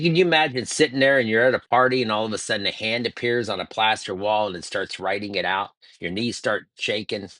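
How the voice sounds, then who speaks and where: Deep-voiced man retelling a scripture story. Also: fairly bright tone, no echo. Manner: conversational and slangy, with emphatic repetition. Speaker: preacher. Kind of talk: casual devotional storytelling.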